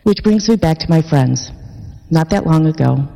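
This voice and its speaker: A woman parishioner reading her personal faith testimony in an earnest, measured way in a church. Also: sits low, animated, vocal fry, dark tone. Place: large church worship space. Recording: long church reverb.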